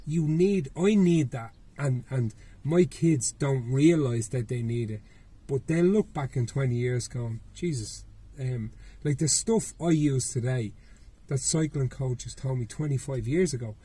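Mellow, husky Irish man chatting. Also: mid-range voice. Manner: swears freely, rambling with restarts. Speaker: podcast host. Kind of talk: casual chat.

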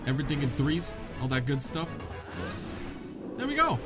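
A young man giving excitable, joking let's-play commentary, talking to the game, laughing and swearing as he plays. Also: on the high side, moderate pace. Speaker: gaming channel host. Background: game music.

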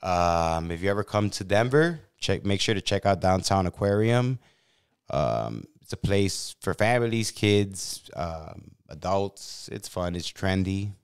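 A man with a very low voice hosts a casual podcast chat. He rambles along in an easygoing way, with plenty of ums and uhs. The sound is dry and close. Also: expressive, unhurried, clean tone, no echo. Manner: laid-back, rambling with many fillers. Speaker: podcast host.

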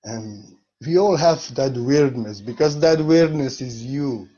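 A man's voice: medium pitch, slow, warm tone, husky, muffled recording. A foreign-accented man, a spiritual teacher, giving a playful, theatrical motivational monologue and repeating words for emphasis.

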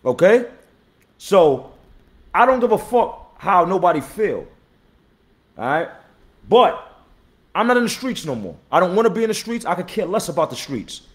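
A man in his thirties, a battle rapper hosting his own live stream. He talks blunt and profane, repeats himself and gives shout-outs to viewers, and says he is tired. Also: high voice, very animated, moderate pace, long pauses. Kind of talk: casual live-stream talk.

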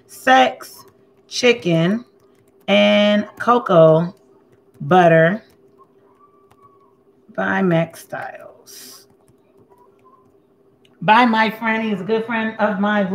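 A woman's voice: mid-range voice, slow, a bit bright. A woman hosts a casual cooking livestream from her home kitchen, talking to viewers in a blunt, sassy, chatty way. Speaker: cooking show host. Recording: echoey room with faint background noise.

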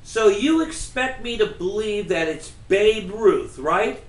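A man's voice: high-pitched, lively intonation, slow pace. A man voicing a skeptical, sarcastic young ballplayer, in an echoey room. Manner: sarcastic, disbelieving.

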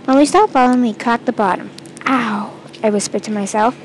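A woman with a fairly high voice reads her own first-person fantasy tale aloud. She stumbles and starts lines over now and then. A faint hiss runs underneath. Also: rough recording. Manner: halting, with restarts and stumbles; first-person storytelling with quoted lines read in the same voice. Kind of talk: amateur reading of her own fantasy story.

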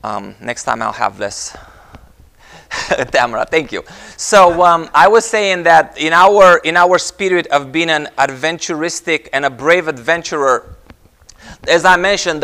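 A man preaching a sermon, telling jokes and stories in an animated way. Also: normal speed. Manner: storytelling with jokes, animated rises in pitch.

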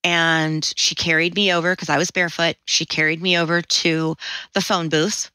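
Woman in her 40s, low voice, dry close mic, storyteller who acts out quotes. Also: flat delivery, moderate pace, sharp tone, clean tone, dry recording, rough recording. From Washington State, USA. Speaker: podcast guest. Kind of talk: personal storytelling.

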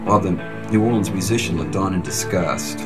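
A man in a documentary interview, recalling an old friend in a dry, frank, measured way. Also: sits low. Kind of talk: reflective interview recollection. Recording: interview with music playing under it.

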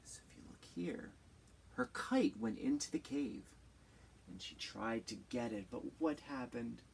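Gravelly, unhurried read-aloud teacher. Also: medium pitch, expressive, distant mic, a little hiss or hum. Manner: gentle, questioning, points at pictures. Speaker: teacher reading a picture book aloud. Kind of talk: children's read-aloud with questions.

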